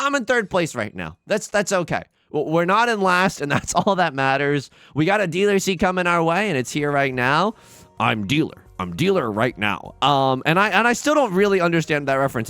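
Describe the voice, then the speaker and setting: A man hosting a let's play, chatting casually and rambling with many restarts, getting excitable over the game. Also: on the high side. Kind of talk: casual gaming commentary.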